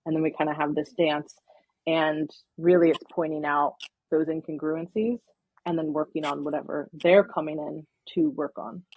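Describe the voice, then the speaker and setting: A woman's voice: deep voice, moderate pace, slightly rough, no echo, phone-quality sound. A woman, a counseling intern, talking in a casual podcast interview, explaining at length with many verbal fillers.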